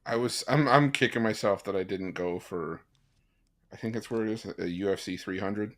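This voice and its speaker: A man with a bright, forceful voice co-hosts a sports betting stream. He tells stories in an animated, playful way. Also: lowish voice, moderate pace. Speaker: sports betting show co-host. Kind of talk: casual live-stream chat.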